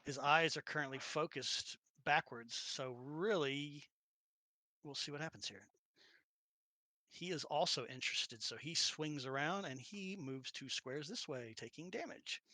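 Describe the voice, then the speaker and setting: A man's voice: fairly high pitch, a little slow, pushed and bright, no room sound, clean studio sound. A man running a tabletop role-playing game as game master, narrating the action animatedly, laughing often and acting out little sounds.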